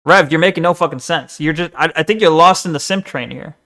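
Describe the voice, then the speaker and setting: A young man live-streams his reaction to a video, venting in an exasperated, profane way. His voice sits a little higher than most men's. He talks loosely and casually, like he's arguing with the screen. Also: brisk, a bit bright.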